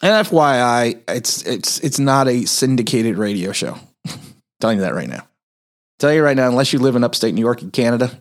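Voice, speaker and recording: Man, middle-aged, sports talk host, animated pitch, rambling restarts, laughs at himself, tired and ornery. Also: normal speed. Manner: rambling, frequent restarts, self-mocking laughs. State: tired and grumpy. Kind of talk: casual sports commentary monologue.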